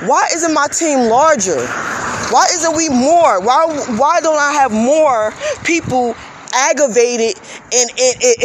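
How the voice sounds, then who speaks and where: A woman's voice: sits high, a little hiss or hum. A woman vlogger delivering an impassioned, profane rant. She stammers into restarts and keeps throwing rhetorical questions at her viewers. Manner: fervent and preachy, prone to stammered restarts. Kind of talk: impassioned social media rant.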